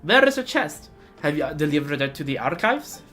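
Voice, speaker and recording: A woman's voice: deep voice, very animated, moderate pace, fairly bright tone, soft background music. Stern male game lieutenant with a Russian accent, put on by a woman.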